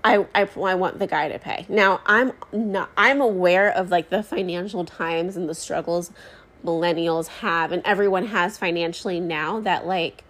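A woman's voice: on the low side, moderate pace, fairly bright tone. A pregnant woman in her thirties hosting a casual talk show, telling a long story in a chatty, rambling way with many fillers and asides. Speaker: podcast host.

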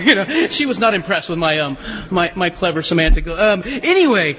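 A man's voice: sits high, expressive, brisk, fairly bright tone, husky. A middle-aged man preaching a sermon as pastor, telling stories in a chatty way with many fillers and laughs. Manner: conversational storytelling with frequent fillers and laughs. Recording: long hall reverb.

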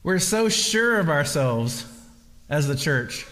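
Pastor guy preaching, kinda high voice, long hall echo, keeps repeating himself for emphasis. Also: very animated, slow pace, bright, forceful tone. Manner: emphatic, repetitive preaching with restarts. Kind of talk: sermon. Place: church hall. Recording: long reverb of a large hall.

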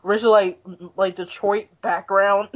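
Young woman retelling a manga chapter on a podcast, rambly, medium pitch, dull muffled sound. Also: steady tone, moderate pace. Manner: rambling storyteller, laughs often. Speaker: podcast co-host. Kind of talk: casual chat recapping a manga.

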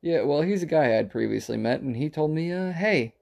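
Gravelly-voiced man telling a bar story. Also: a little high, animated, a little fast, mellow. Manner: profane, rambling anecdotal delivery with acted-out quotes. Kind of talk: casual storytelling.

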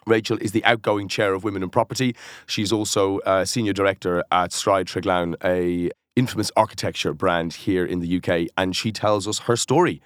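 A man's voice: low voice, fairly even intonation, fairly quick, no room sound, studio quality. A man co-hosting a podcast in casual, teasing banter. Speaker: podcast co-host. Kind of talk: casual chat.

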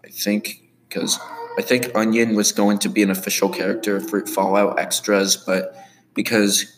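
A man casually commenting on his own animated series, rambling with many fillers. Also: on the low side, normal speed.

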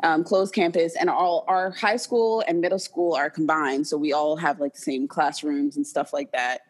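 A woman's voice: low voice, fairly even intonation, normal speed. A young woman, from Bermuda, telling stories as a guest in a casual, chatty conversation full of "like". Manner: chatty storytelling with many likes. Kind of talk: casual chat.

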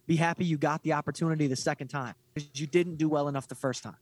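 Brief: a ranting podcast co-host, a man with a slightly high voice, blunt and profane, in a dry room. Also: steady tone, fast, a little mellow, no echo. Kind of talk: casual chat.

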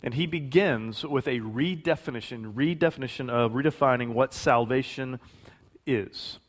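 A man's voice: mid-range voice, normal speed. Forty-ish guy pastor giving a sermon, mid-range voice, talks loose and conversational, restarts words a lot. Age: 40s. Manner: conversational, repeats words and self-corrects, varies volume for emphasis.

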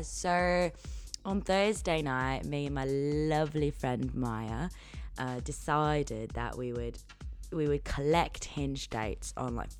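Hungover Australian woman rambling low. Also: creaky. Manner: rambling, swearing, self-interrupting. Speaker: podcast host. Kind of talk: casual chat.

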